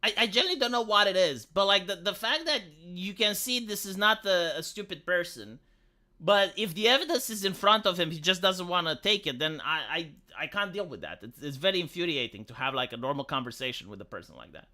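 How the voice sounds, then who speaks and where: A woman with a Romanian accent and a squeaky voice, ranting heatedly on a casual live stream and often stumbling over repeated words. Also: lively intonation, brisk, bright, forceful tone. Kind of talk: casual livestream chat.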